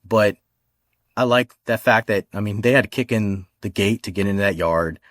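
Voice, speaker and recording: A man as a podcast guest, in casual chat, telling relaxed stories and quoting what he told his handlers. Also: lowish voice, normal speed, no echo, clean studio sound. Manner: relaxed storyteller who quotes himself. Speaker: podcast guest, police dog trainer.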